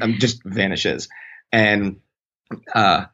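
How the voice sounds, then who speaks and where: A man with a low voice tells a long personal story in a relaxed, conversational way. He trips over his words and restarts his sentences often. The recording sounds dull and muffled. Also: moderate pace. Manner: rambling, self-correcting, animated when quoting. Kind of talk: casual anecdote.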